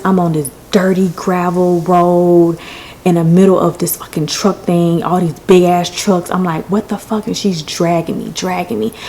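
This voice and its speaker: A woman's voice: on the low side, mellow, slight background noise, poor audio. A woman hosting a podcast, telling a personal story in a candid, emotional way with some swearing. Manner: candid, profane, emotional retelling. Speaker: podcast host.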